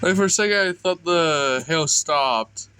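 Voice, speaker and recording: Young male vlogger, congested, excitable rambling, slightly high voice, faint background noise. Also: a little slow. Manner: rambling, excitable, self-correcting. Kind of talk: casual narration while filming a storm. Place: indoors at home by windows.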